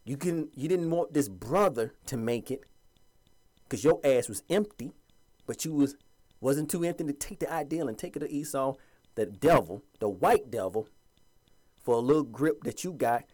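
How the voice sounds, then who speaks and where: Fiery, animated man preaching. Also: medium pitch, normal speed. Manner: preachy, fiery, mocking voices of others. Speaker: commentator addressing viewers. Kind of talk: impassioned monologue.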